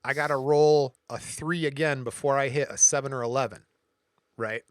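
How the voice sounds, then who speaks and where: A man's voice: medium pitch, normal speed, no room sound. A man telling a story on a podcast, his voice in the middle range for a man and recorded close and dry. He jumps into the voices of the people in the story and swings his delivery as he goes. The style is loose, casual chat. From Michigan. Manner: animated storyteller, acts out quoted voices. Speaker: podcast co-host.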